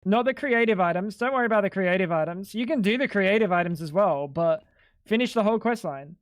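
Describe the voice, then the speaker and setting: A high-voiced man chatting casually while he streams a game. He explains bluntly, often sounds exasperated and swears freely. His voice sits close and dry, with no room sound at all. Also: brisk, no room sound. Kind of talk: casual livestream chat while gaming.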